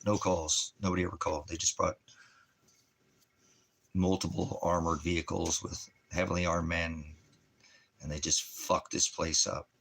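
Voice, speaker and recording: A man's voice: deep voice, little pitch movement, measured pace, gravelly, pauses often, a bit bright, husky. A man at home talking bitterly in a casual monologue, then doting on his dog. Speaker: father and dog owner. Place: at home indoors.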